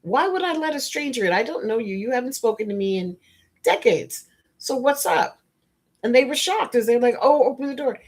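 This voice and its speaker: A woman's voice: fairly high pitch, expressive, normal speed. A woman spiritual life coach hosting a motivational podcast, speaking emphatically and bluntly and addressing listeners directly. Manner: emphatic, blunt, with frank asides.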